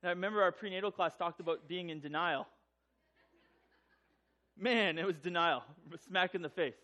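High-voiced man telling a funny story. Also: moderate pace. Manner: humorous, self-mocking; animated, acts out voices in his telling. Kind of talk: personal story told to an audience.

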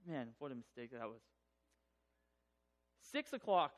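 Speaking unhurriedly at medium pitch, a man shares a funny personal story at his own expense before an audience, performing the different voices with animation.

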